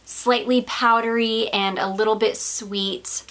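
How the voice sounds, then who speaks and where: A woman's voice: fairly high pitch, steady tone, takes it slowly, fairly bright tone. A woman reviewing perfumes in a casual vlog, gushing and rambling with fillers and small laughs, slightly out of breath.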